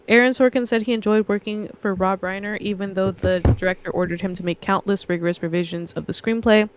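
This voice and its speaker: A young adult woman, co-hosting a laid-back film podcast, races through trivia and anecdotes at a quick pace with hardly any pauses. Her mid-range voice stays steady as she rambles and reads trivia aloud, over a faint hiss or hum.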